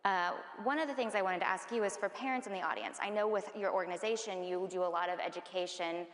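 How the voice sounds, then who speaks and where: Woman panel moderator, measured and gentle, recorded with a long hall reverb. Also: medium pitch. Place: large conference hall.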